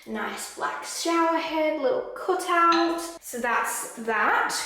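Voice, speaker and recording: A woman's voice: sits high, animated, takes it slowly, bright, forceful tone, a little hiss or hum. A young Australian woman chatting casually through a house-tour vlog, bubbly and full of "like". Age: young adult. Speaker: vlogger. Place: empty house, indoors, walking room to room. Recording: echoey bare rooms.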